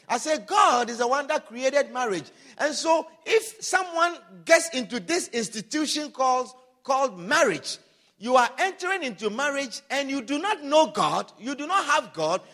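Man, preacher, sermon, very high pitch, bright sharp tone, emphatic repetition. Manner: emphatic and repetitive, with exclamations of hallelujah; rises to loud, animated passages.

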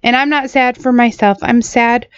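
A woman hosting her own podcast, talking earnestly and haltingly, choked up and apologetic. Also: a little high, fairly even intonation, smooth, no echo, lo-fi sound. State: choked up, voice sounds different. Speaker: podcast host. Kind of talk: solo podcast talk.

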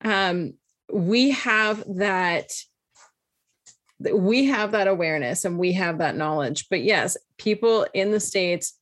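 A woman, interviewing a guest with curious, quick follow-up questions. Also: mid-range voice. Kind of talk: casual interview chat.

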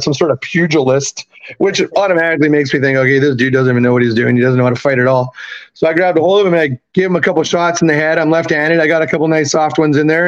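A man in his fifties, raised in Canada, telling a story in a casual, profane, animated way and acting out the quotes. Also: a little high, highs cut off. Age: 50s. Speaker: podcast guest.

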